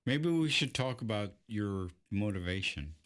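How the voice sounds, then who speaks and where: A man reacting on a live stream with slow, laughing comments. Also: on the low side, lively intonation, fairly bright tone. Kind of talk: casual comedic banter.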